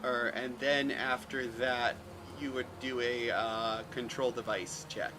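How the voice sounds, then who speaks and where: A man's voice: medium pitch, steady tone, slow pace, noisy background. A man running a tabletop game as game master, rambling with fillers and restarts.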